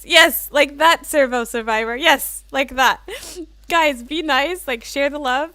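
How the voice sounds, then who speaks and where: A woman's voice: sits high, a little slow, pushed and bright, dry recording. A woman hosting a casual livestream, chatting and giggling as she reads out viewer comments with plenty of "like" and "um.". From United States. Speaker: livestream host.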